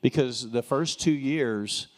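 A man's voice: medium pitch, slow. Earnest preaching man sharing testimony. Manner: earnest, preacherly, with joking asides. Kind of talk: sermon-style testimony.

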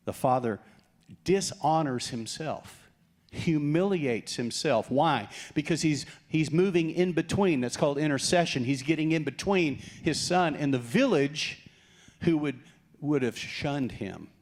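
Animated middle-aged male preacher. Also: a little high, measured pace. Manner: animated, acts out quoted voices. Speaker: pastor. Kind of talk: sermon.

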